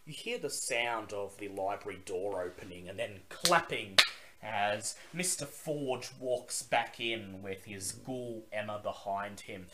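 A man narrating a tabletop game as game master, measured and descriptive. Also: fairly low pitch, background noise.

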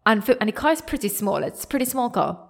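A young woman with a Trinidadian accent, hosting a podcast and telling a story in a casual, animated, self-deprecating way. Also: on the high side, fast, vocal fry. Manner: animated, self-deprecating, acts out quoted voices. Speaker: podcast host.

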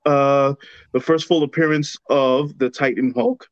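A man's voice: mid-range voice, fairly even intonation, unhurried, dry recording, muffled recording. A man co-hosting a casual podcast, presenting comic books in a laid-back way and stumbling over names.

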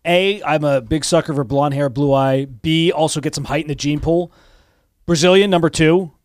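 Man, podcast co-host, slightly high voice, emphatic and teasing, dry close mic. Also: moderate pace, no echo. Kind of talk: casual banter.

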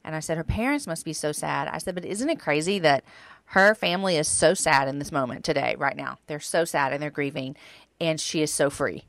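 Low-voiced woman hosting a chat. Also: fairly quick, vocal fry, no room sound. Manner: warm, chatty, affirming with frequent yeahs. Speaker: podcast host. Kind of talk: casual faith chat.

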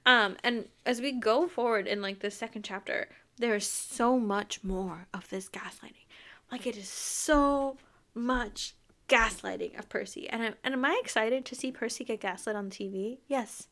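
An excitable young woman hosts a chatty book recap, her voice sitting a little high. She gushes, rushes through asides and drops into a whisper now and then. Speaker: podcast host. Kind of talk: casual book recap chat.

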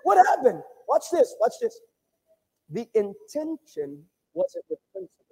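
A man preaching a sermon to his congregation, repeating phrases and swinging between loud calls and hushed asides. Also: very high-pitched, wildly swooping pitch, a little slow, creaky, husky, low-quality recording. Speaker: pastor. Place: church sanctuary.

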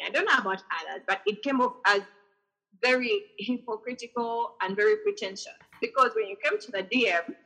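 A woman's voice: a little high, low-quality recording. A woman hosting a podcast over a video call, telling a personal story in casual chat and acting out the messages she received. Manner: animated storytelling, acts out quoted messages. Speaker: podcast host.

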